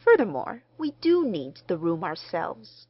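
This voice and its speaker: A woman's voice: on the low side, wildly swooping pitch, a little slow, slightly rough, no room sound, highs cut off, exaggerated voice. A woman reading the part of a stern middle-aged housewife who answers coldly and curtly. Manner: cold, curt, injured.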